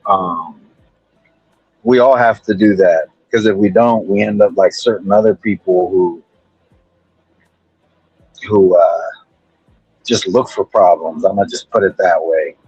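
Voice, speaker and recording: A man talks in a slow, unhurried drawl as a livestream panel guest. His voice is husky, and the sound is dry and close. He rambles in a laid-back way. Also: sits low, a little mellow, no echo, dull audio. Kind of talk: casual chat.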